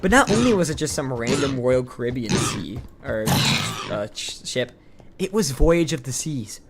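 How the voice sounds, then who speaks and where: A man's voice: mid-range voice, expressive, normal speed, over a noisy crowd. A man streaming, telling a long rambling story while he plays, full of "like" fillers and restarts. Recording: noisy home stream mic with clicks.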